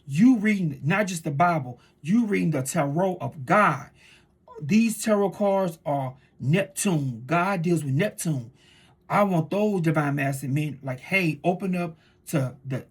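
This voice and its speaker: A woman tarot reader in a casual spiritual monologue, fervent and preachy, swinging between loud declarations and hushed asides. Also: fairly low pitch, breathy edge.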